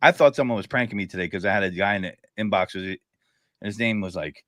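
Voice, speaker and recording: Male podcast co-host, low-ish voice, easygoing storyteller, dry close recording. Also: fast, a bit bright, no echo. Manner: laid-back storyteller, laughs while talking. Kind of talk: casual chat.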